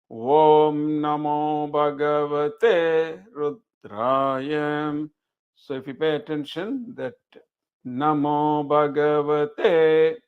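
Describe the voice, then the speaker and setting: A man's voice: on the high side, gravelly. A man, teaching a recorded chanting lesson and explaining each step patiently. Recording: dull lo-fi recording.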